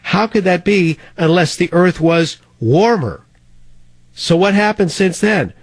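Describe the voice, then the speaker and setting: A man fills the host chair on talk radio, tearing through the news with sarcasm and one rhetorical question after another. His voice sits slightly higher than most men's. The studio sound is dry and close, with no room around it. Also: measured pace, dry recording.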